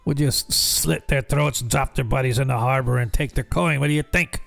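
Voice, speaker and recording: A pack of rowdy, menacing orc and goblin tavern thugs, as a man running the game puts them on. They jeer gruffly at passing strangers. The voice stays close to an everyday male speaking voice. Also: mid-range voice, fairly even intonation, moderate pace, a bit bright, soft background music.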